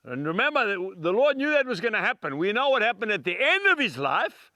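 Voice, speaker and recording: A man preaching a devotional talk for TV, his voice unusually high and bright. He speaks earnestly and emphatically, turning straight to the viewers. The sound is dry and close. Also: sing-song, fairly quick, no echo. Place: filming set with camera crew.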